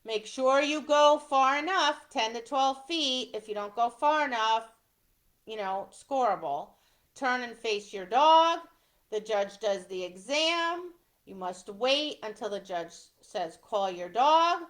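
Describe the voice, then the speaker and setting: A woman's voice: a little high, animated, slow, a bit bright. A middle-aged woman teaching dog obedience trial rules step by step, often checking in with "right?". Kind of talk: instructional talk.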